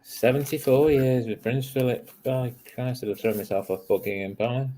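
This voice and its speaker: A man with a dark, mellow voice chats among friends and drops dry, wry remarks into the conversation. There is faint noise behind him. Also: medium pitch, fairly even intonation, normal speed. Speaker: chat participant. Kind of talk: casual chat among friends.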